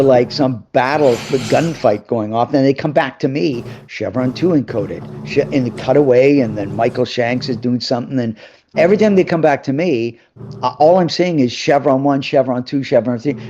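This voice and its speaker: A man guest on a live interview show, telling lively anecdotes and acting out the voices of other people. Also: mid-range voice, slight background noise. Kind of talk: animated storytelling in an interview. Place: live video call. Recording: slightly dull, lo-fi sound.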